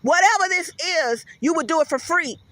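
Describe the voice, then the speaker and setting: A woman's voice: extremely high pitch, brisk. A middle-aged woman host speaking, telling stories animatedly in a casual interview chat and calling out to viewers. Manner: animated storytelling, addresses viewers as y'all.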